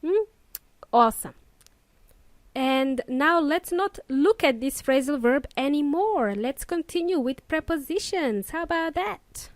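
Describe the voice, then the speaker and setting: A woman's voice: high-pitched, lively intonation, unhurried, no echo. A woman hosting a casual lesson podcast, playful and upbeat, joking between explanations. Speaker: English teacher and podcast host.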